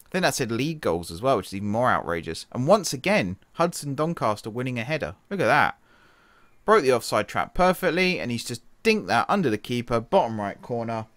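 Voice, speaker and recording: A man streaming a football management game, giving chatty play-by-play, laughing at his own slips and sounding tired from an early start. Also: no echo. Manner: chatty, self-correcting, quick laughs, shifts from excited to low mutters. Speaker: gaming streamer. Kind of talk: casual game commentary.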